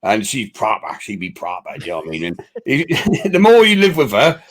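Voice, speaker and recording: A man's voice: fairly low pitch, wildly swooping pitch, fairly quick. An older man from London with a London accent mixed with West Country, chatting casually as a guest, laughing often as he tells stories. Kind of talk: casual chat.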